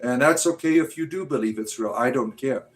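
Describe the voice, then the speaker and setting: A man's voice: medium pitch, a little fast, soft background music. A man hosting a livestream in casual, provocative talk, mocking and taunting his viewers. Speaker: livestream host.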